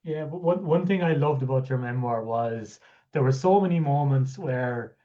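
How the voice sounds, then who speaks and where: A man's voice: medium pitch, moderate pace, lo-fi sound. A man hosting a podcast interview, asking long, thoughtful questions in a conversational way with fillers. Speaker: podcast host.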